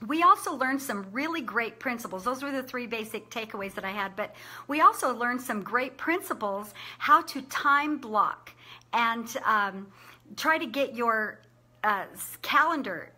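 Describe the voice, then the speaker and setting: A woman's voice: on the high side, bright, forceful tone. A middle-aged woman sharing conference takeaways in a chatty, upbeat way, laughing often. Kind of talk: casual talk to camera.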